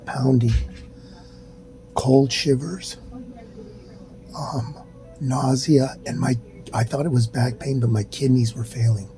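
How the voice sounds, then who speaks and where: A man's voice: slow, long pauses, faint music behind, rough recording. A middle-aged man filming a casual update from his hospital room while ill, sighing often and sometimes dropping to a whisper. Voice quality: soft, drifting into whispers. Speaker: vlogger. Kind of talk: casual self-filmed update. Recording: steady rumbling background noise. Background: low rumble.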